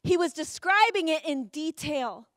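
A woman's voice: high-pitched, expressive, unhurried, fairly bright tone, no room sound, studio quality. A woman pastor preaching a sermon, telling a personal story with rising passion. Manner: impassioned storytelling, rising to emotional peaks. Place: church.

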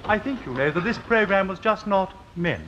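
An actor playing a timid, dithering young chaplain who is anxious to please, in a 1960s studio sitcom on a muffled old recording with hiss. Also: male voice, high-pitched, animated, moderate pace, fairly bright tone. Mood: fretful.

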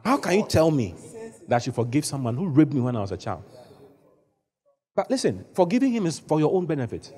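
A man preaching a sermon to a congregation in a large church hall, animated, at times shouting. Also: on the high side, fairly quick, pauses often. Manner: animated preaching, rising to shouts when acting out the story. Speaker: bishop preaching.

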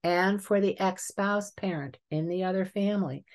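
An older woman, a family psychologist, giving a webinar lecture and telling lively case stories. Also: medium pitch, moderate pace. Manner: lively storytelling, chuckles at examples.

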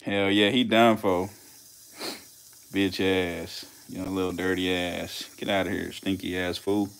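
A young man, giving loud, profane, laughing commentary as a channel host on a casual live stream. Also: low voice, little pitch movement, a little slow, creaky, a little hiss or hum. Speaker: channel host feeding snakes.

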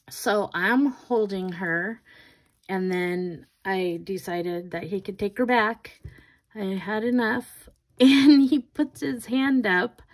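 An older woman and grandmother chatting casually while doing her nails, telling a rambling story with laughs and restarts. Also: mid-range voice. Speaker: nail art vlogger.

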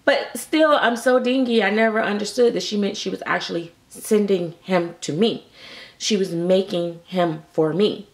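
Woman, casual vlog chat, animated storyteller, slightly gravelly voice. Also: mid-range voice, normal speed. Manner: chatty, animated, acts out quotes. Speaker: doll collector vlogger.

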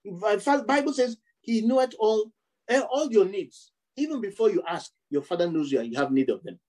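A man preaching a sermon, piling up rhetorical questions and repeated phrases with slow, drawn-out emphasis. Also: sits high, animated, darkish tone, poor audio.

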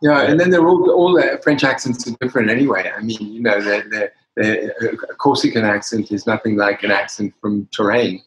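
A man's voice: lowish voice, moderate pace, hardly any pauses. Man from Britain, older, wine bar owner, hesitant, restarts a lot, roomy echo. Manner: hesitant, many restarts and fillers. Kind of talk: casual interview.

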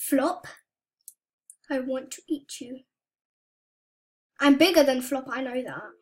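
A young woman giving soft-spoken, anxious commentary as she plays a video game. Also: high-pitched, slow. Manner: soft-spoken, often hushed, anxious chatter. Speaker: gaming YouTuber. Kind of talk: casual gameplay commentary.

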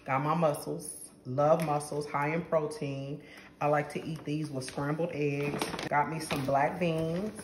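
A woman's voice: sits low, steady tone, a little slow. A middle-aged woman, chatting casually to viewers as a cooking vlogger and cracking jokes as she shows her groceries. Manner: chatty, joking asides to viewers. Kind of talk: casual grocery haul chat. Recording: echoey room, faint noise.

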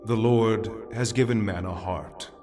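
An actor playing a calm religious counselor speaking in a solemn, measured way. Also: male voice, fairly low pitch, faint music behind, lightly acted.

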